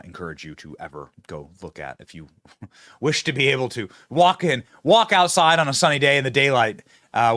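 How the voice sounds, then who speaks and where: A man's voice: mid-range voice, pushed and bright, no echo. A man hosting a political commentary show, mocking and sarcastic, laughing at his own jabs. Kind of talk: fast opinionated political commentary. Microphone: close studio mic with earpiece.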